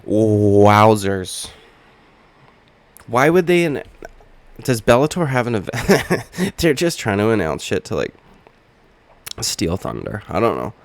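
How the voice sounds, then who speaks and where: Young male vlog host, low-pitched and hoarse; loose, profane, wisecracking delivery. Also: very animated, takes it slowly, pauses often, no echo. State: hoarse from just waking up. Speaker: channel host. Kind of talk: casual reaction vlog.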